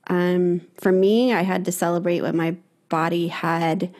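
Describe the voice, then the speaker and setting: A young woman with a slightly low voice who talks earnestly about personal things. She hesitates often, pauses and restarts her sentences as she searches for words. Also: flat delivery, darkish tone. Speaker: guest, runner. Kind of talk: casual conversation.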